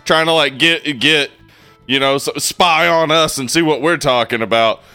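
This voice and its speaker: A man's voice: fairly high pitch, normal speed, sharp tone, smooth, no room sound, faint music behind. A man co-hosting a podcast in casual, joking chat, laughing often and stumbling over restarts. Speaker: podcast co-host.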